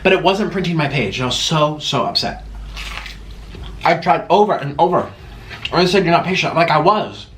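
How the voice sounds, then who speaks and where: A man's voice: moderate pace, pauses often. A man hosting an eating video at home, chatting casually and rambling between bites. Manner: chatty, rambling, animated swings in pitch. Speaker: mukbang host. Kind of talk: casual chat while eating. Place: room at home. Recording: echoey room with faint background noise.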